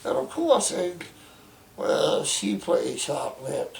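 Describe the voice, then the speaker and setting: A man's voice: high-pitched, very animated, takes it slowly, gravelly, darkish tone, echoey room, low-quality recording. A man at home, making an emphatic complaint in formal, wordy phrasing with many stammered restarts. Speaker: interviewee describing his care. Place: home bedroom.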